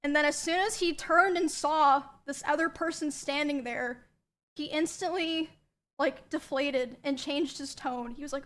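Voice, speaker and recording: A young woman quietly recounting a painful past experience, hesitant, with many pauses. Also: high-pitched, steady tone. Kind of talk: personal account of a painful past.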